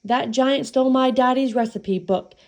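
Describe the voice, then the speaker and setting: A woman voicing a plucky young boy hero in a storybook reading, talking softly and plainly. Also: high-pitched, normal speed, voice pushed up. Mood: determined.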